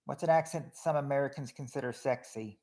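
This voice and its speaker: With a mellow, medium-pitched voice and a brisk pace, this livestream host runs a family game show in a chatty way. He reads viewers' names and answers aloud, often restarting hesitantly.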